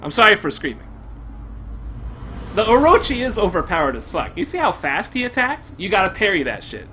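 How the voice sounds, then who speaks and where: A young man streaming a game live, commenting in an excitable, profane way and bursting into shouts. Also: high-pitched, a little fast, slight background noise.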